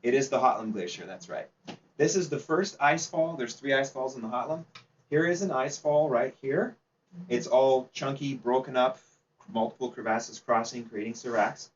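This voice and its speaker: A man's voice: mid-range voice, moderate pace. A man presents slides to a club audience, chatty, asking the room questions and laughing easily. He sounds distant and dull, recorded across a meeting room with faint background noise. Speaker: seminar presenter.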